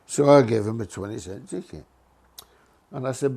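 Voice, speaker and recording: Older man, retired bus driver type; chatty, mischievous storyteller at an ordinary pitch. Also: moderate pace, vocal fry. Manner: lively, mischievous storyteller, dialect grammar. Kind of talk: casual anecdote.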